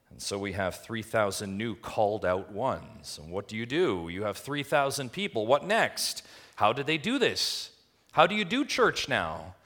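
Emphatic male preacher asking questions. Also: fairly low pitch. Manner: emphatic, rhetorical questions, swings between soft and loud. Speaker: pastor. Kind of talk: sermon.

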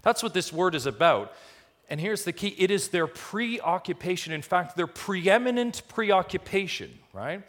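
A man preaching a sermon, emphatic and full of rhetorical questions, swinging between quiet stretches and loud, rising lines. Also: high voice, lively intonation, normal speed. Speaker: pastor.

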